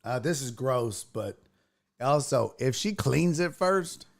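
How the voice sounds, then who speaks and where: A man's voice: mid-range voice, animated, takes it slowly, creaky. A man hosting a casual livestream show, joking crudely and laughing as he reads viewer comments. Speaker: podcast host.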